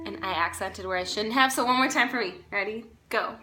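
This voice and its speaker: A woman with a mid-range voice talks a little fast while teaching a string practice lesson for a video. She patiently names the notes and counts the players in as violin plays behind her.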